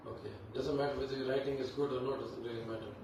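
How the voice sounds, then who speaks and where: A man leading a devotional scripture class, talking in an unhurried, conversational way with many fillers. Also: mid-range voice, fairly even intonation. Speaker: Bhagavatam class teacher. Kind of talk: devotional class talk with Sanskrit chanting. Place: temple hall. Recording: echoey hall, distant mic, background noise.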